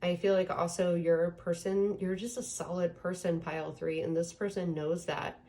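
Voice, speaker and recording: A woman's voice: lowish voice, little pitch movement, moderate pace, warm tone. A woman giving a casual tarot reading, talking in a rambling, chatty way full of ums and likes. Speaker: tarot reader.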